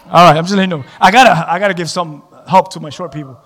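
A male pastor preaching a sermon in a church, lively and joking, with shouted emphasis. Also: high-pitched, racing. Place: church sanctuary. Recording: long hall reverb.

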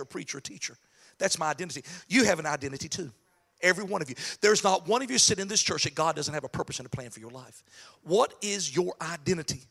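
A man preaching a lively sermon, swinging from shouted, chanted lines to soft asides. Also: sits high, gravelly. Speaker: pastor. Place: church sanctuary.

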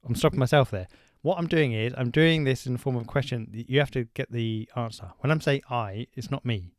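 A man's voice: medium pitch, fairly quick, no echo, clean studio sound. A man co-hosting a podcast, running a quiz in playful casual banter and laughing often. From England.

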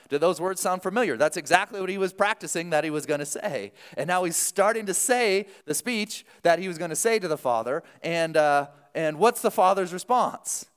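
A man preaching a sermon as a pastor, telling the story in an animated, lively way with quick asides. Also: high-pitched, clear, resonant tone, big-room sound.

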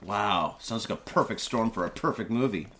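A man's voice: lowish voice, moderate pace, a bit bright, slight background noise. A man hosting a podcast, tossing out joking one-liners in casual chat. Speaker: podcast host.

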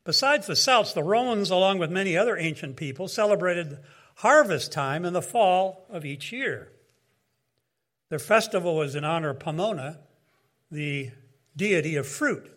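Earnest preaching man, fairly high voice. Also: animated, a bit bright. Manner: earnest, measured preaching with asides. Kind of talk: sermon.

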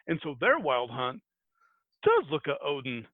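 A man's voice: a little high, wildly swooping pitch, unhurried, no room sound. An American man hosting a podcast in casual chat, rambling and laughing at himself as he retells a folktale. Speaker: podcast host. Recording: tinny phone-like dry sound.

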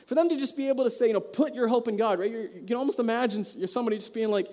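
A man's voice: very high voice, racing, dark tone. A man preaching a sermon to a congregation, earnest and full of questions to his listeners. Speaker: pastor. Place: church hall. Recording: long reverb of a hall.

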